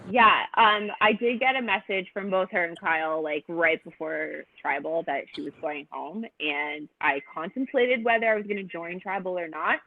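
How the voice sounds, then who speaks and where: A woman's voice: on the low side, moderate pace, gravelly, hardly any pauses. A woman guest talking casually on a podcast, telling her story with lots of fillers. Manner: animated storyteller, many fillers. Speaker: guest contestant. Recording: tinny phone-like audio.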